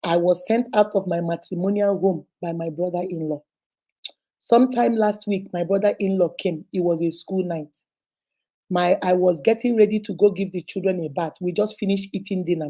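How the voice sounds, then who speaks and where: A woman reads a listener's letter aloud on her relationship advice show. She tells it dramatically, acting out the voices in it. Her voice is low and very mellow. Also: moderate pace.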